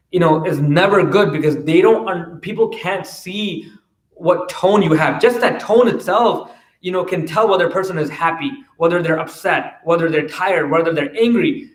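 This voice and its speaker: A man giving a casual religious talk, full of restarts and quick "right?" asides. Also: a little high. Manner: conversational, many "right?" tags and restarts. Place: mosque hall. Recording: roomy, distant mic.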